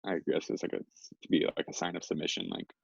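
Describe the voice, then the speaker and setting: A young man with a low voice and a gravelly, creaky edge tells a story in a loose, rambling way, filling gaps with "like" and "um". The recording is dry and a little dull and lo-fi. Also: flat delivery, fast talker, dry recording. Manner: rambling, heavy on fillers. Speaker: interview guest. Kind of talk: casual storytelling.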